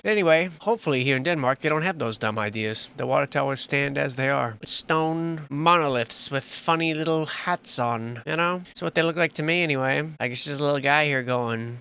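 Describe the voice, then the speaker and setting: A man's voice: a little high, animated, fairly quick, vocal fry, hardly any pauses, pushed and bright, clear, resonant tone. A man giving casual, wry, rambling commentary over old photos, often playfully sarcastic. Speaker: history vlogger.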